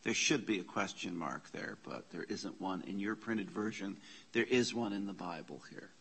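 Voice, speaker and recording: A man with a low, husky, fairly bright voice teaches a Bible Greek lesson in a church classroom at a moderate pace. He patiently spells out letters and parses words aloud.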